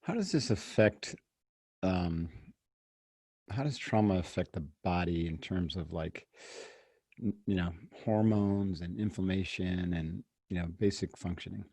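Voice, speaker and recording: A man's voice: low voice, measured pace, darkish tone, breathy edge, no room sound, studio quality. A man hosting a podcast interview, asking reflective questions with self-deprecating asides. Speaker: podcast host. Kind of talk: casual interview chat.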